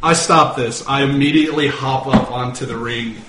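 A man's voice: mid-range voice, steady tone, normal speed, heavy background noise. Indignant man role-playing, echoey room. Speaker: player. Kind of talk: in-character role-play.

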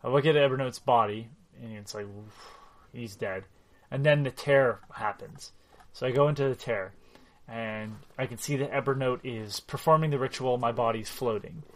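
A man in casual chat recapping a video game story, animated, swearing freely and acting out what characters said. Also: mid-range voice, normal speed.

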